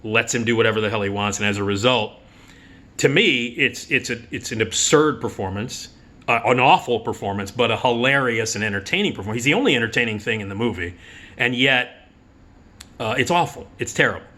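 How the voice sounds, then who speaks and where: Bright-voiced man, blunt and profane. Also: medium pitch, a little fast. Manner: blunt and profane, many fillers. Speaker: film critic. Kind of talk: casual spoken film review.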